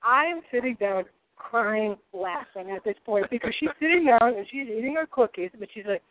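Animated woman storyteller on a tinny line. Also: a little high, normal speed. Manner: lively, expressive, laughing storyteller. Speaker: guest cook.

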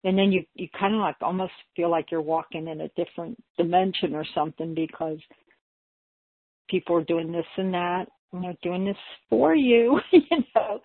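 A woman's voice: fairly low pitch, fairly even intonation, moderate pace, dry recording. A woman reflecting hesitantly in a group call, searching for her words. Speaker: community call participant. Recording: dry phone-line audio.

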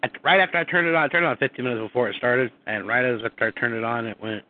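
A man calling in who explains things in a halting, rambling way. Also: medium pitch. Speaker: caller. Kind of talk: casual call-in chat. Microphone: phone call. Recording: tinny phone line.

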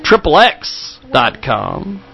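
This man hosts a radio talk show and keeps the guest interview upbeat and friendly. His voice is high and bright, with lively rises and falls. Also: slow, gravelly, soft background music, low-quality recording.

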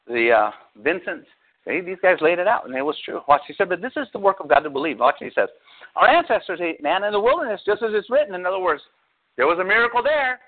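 A man pastor giving a casual, animated sermon, acting out scripture quotes and often asking his listeners if they follow. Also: fairly high pitch. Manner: animated, quotes scripture in excited raised voice, asks listeners questions. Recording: tinny phone-like line.

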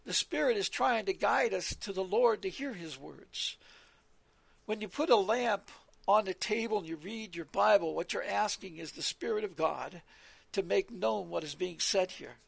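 Gravelly, husky man giving a Bible talk. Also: high voice, lively intonation, moderate pace, dry recording. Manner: rambling, earnest, reads scripture aloud and explains it. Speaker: preacher.

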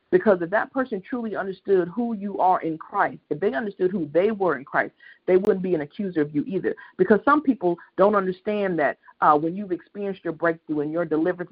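Husky-voiced preacher, impassioned and repetitive, heard over a muffled phone line. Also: mid-range voice. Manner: impassioned, repetitive, swells to loud peaks. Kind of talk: sermon on a prayer line.

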